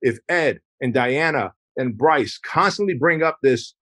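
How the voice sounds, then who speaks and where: A man's voice: medium pitch, lively intonation, a little slow, hardly any pauses, a bit bright, dry recording. A man speaking as a podcast guest in casual, emphatic conversation, often acting out quoted exchanges and swearing casually.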